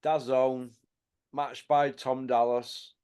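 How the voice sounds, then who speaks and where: A man's voice: medium pitch, level tone, drawn-out words, darkish tone, clear, resonant tone. A man hosting a casual boxing chat, blunt and sweary, laughing often. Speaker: host.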